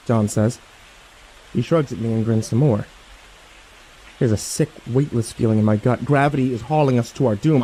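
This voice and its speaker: A man narrating dark horror stories in a slow, grim, scripted manner that climbs to frantic shouting in the tense scenes. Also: mid-range voice, a little hiss or hum, poor audio.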